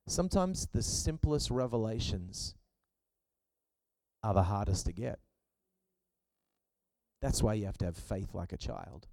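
A man's voice: fairly low pitch, animated, unhurried, creaky, long pauses, darkish tone, no echo. A man preaching a sermon to a church congregation, with passionate delivery that swells and drops. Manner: passionate preaching, voice rising and falling. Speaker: pastor.

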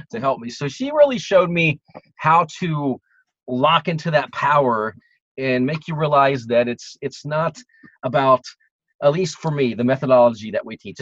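An animated male vocal coach tells a story in a loose, chatty way. His voice comes through dry and slightly dull, like a lo-fi recording. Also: medium pitch, dry recording. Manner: animated, bursts of excitement. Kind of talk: storytelling in casual chat.

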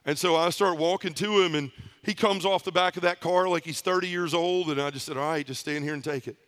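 A man's voice: a little high, fairly even intonation, brisk, a bit bright, smooth. A middle-aged man giving a personal testimony at a conference, telling his story in a heartfelt way, often in the present tense. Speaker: conference speaker. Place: conference hall stage.

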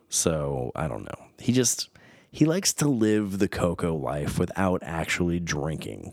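Low-voiced dad rambling casually. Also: male voice, very animated, moderate pace, gravelly, darkish tone, dry recording, clean studio sound. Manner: meandering, self-deprecating, goes off on tangents. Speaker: podcast host, father. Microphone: studio microphone.

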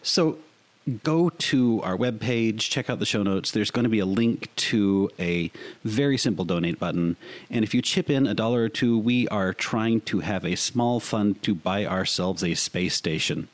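A man's voice: fairly low pitch, normal speed. A man hosting a podcast, chatting in a jokey way and asking listeners for donations. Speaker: podcast host. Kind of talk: casual podcast chat.

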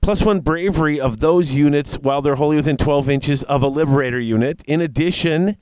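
A man in casual chat, reading tabletop game rules aloud and reacting with excitement. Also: a little high, fairly quick, a little hiss or hum. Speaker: tabletop wargame player discussing rules.

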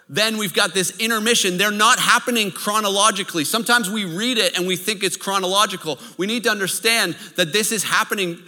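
A man preaching a sermon as a pastor. He tells stories in a lively way and keeps checking in with his listeners. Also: sits high. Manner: lively storytelling, checks in with the audience. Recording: long hall reverb.

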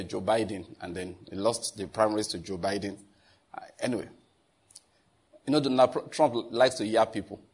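Male preacher, husky voice, lively sermon style with laughs and asides to the room. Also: on the low side. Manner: animated, laughs often, asks the audience questions. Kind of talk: sermon teaching.

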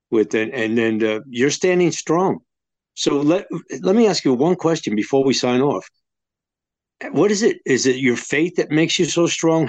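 A man's voice: medium pitch, no echo. An older man co-hosting a talk radio show, talking in a folksy, rambling way with frequent restarts.

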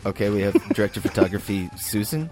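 A man's voice: lowish voice, expressive, fast, darkish tone, soft background music. A man co-hosting a film podcast, rambling and laughing in casual chat. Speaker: podcast co-host.

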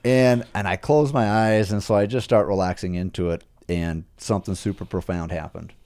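A middle-aged man casually telling a personal story on a podcast, animated and acting out his own past thoughts. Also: low-pitched, fairly quick. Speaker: podcast guest, horse trainer.

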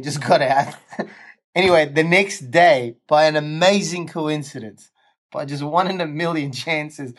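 A male comedian guest telling lively anecdotes in casual chat, often breaking into laughter. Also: a little high. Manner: animated anecdotes, frequent laughter.

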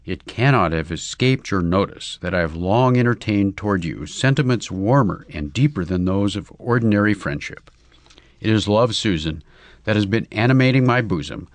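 Guy reading a wordy young english gent in a storybook, ornate speeches, low dry voice. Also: expressive, normal speed, no room sound, natural voice. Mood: ardent. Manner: florid, long-winded declarations. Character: bashful young English gentleman suitor.

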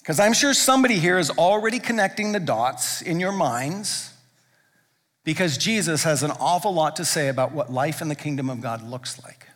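A male pastor preaches in a church, speaking conversationally and driving his points home with emphatic repetition, while a large hall adds long reverb. His voice is fairly high, expressive and fairly bright, at a moderate pace.

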